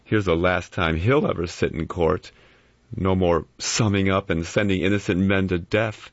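A man's voice: deep voice, fairly even intonation, moderate pace, no room sound, highs cut off, pitched above the performer's own voice. A man voicing a cynical adventurer in an audiobook, sardonic and mocking.

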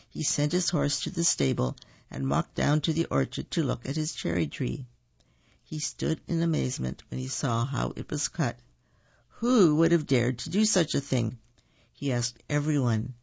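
A man's voice: medium pitch, gravelly, a little mellow, husky, dry recording, dull audio. A man reading children's stories and folk tales aloud, in an unpolished way, stopping to correct his own slips. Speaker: storyteller.

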